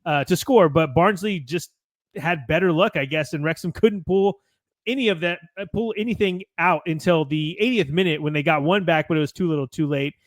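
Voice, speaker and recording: A man's voice: on the high side, fairly quick, no echo. An American man hosting a podcast, reading match results from notes with chatty asides and self-corrections. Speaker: podcast host.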